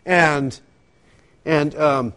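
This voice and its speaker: A man preaching a sermon, telling stories with animated asides and acting out quotes. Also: a little high, very slow. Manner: animated storytelling, acts out quotes, laughs often. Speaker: pastor.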